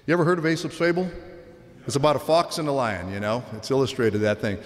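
A man's voice: mid-range voice, expressive, fast. A man giving a conversational sermon, telling a personal story and asking the listeners direct questions. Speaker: preacher. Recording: long hall reverb.

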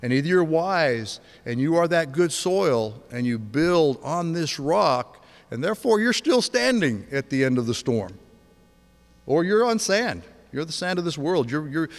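A man in his sixties preaching a sermon, telling stories with energy and dropping to a hush for emphasis. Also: fairly high pitch, a little slow. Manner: animated storytelling, swings from loud to hushed. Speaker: pastor. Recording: long hall reverb.

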